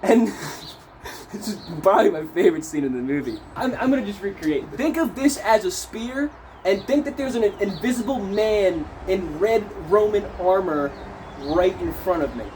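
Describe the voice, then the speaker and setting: High-voiced profane young man vlogging. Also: normal speed, a little hiss or hum. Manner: animated, profane, acts out scenes. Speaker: movie reviewer. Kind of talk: casual movie recap vlog. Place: outdoors in wet cold weather.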